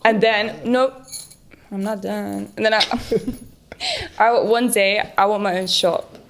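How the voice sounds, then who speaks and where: A young woman chatting on a podcast at an ordinary pitch. She talks in long, rambling runs strung together with "like". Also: steady tone, slow pace, gravelly, background noise. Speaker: podcast co-host. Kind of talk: casual chat.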